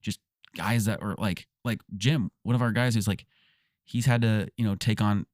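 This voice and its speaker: A man co-hosting a podcast in casual chat, telling stories in an excitable, chatty way. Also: lowish voice, moderate pace, no room sound, clean studio sound. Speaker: co-host. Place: basement studio.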